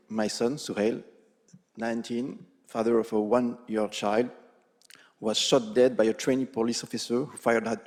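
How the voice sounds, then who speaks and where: A man reads his prepared statement as a grieving father, slowly and deliberately. His voice is mid-pitched and carries a long reverb from the large hall. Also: a little mellow. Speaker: bereaved father giving testimony. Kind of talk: prepared statement read aloud. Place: large hall at a public tribunal.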